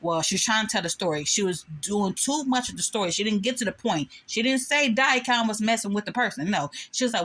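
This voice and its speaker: A woman giving casual spoken commentary on a show episode, retelling scenes and acting out the lines of the characters in quick quoted bits. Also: mid-range voice, a bit bright. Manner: chatty, recounts scenes with quoted voices.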